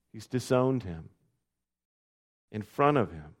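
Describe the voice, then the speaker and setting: A man preaching a sermon, reading scripture aloud with rising emphasis and then dropping soft and low. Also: normal speed. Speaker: pastor.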